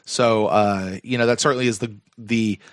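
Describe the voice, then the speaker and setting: A man's voice: on the low side, steady tone, normal speed, dry recording. A man co-hosting a sports fan podcast, talking casually and reading listener emails, with lots of fillers and restarts. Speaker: podcast co-host.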